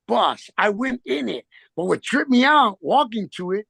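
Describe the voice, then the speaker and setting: A man's voice: high-pitched, expressive, normal speed, vocal fry, fairly bright tone, husky, no echo. A man on a video call from his phone, telling rambling, profanity-heavy stories in slangy street talk and acting out the back-and-forth. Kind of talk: casual chat on a video call.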